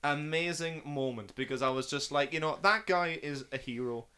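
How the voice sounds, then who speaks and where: Bright-voiced man gushing about a film. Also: a little high, moderate pace, smooth. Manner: enthusiastic, rambling, gushing. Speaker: film review podcast guest watching for the first time. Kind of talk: casual chat.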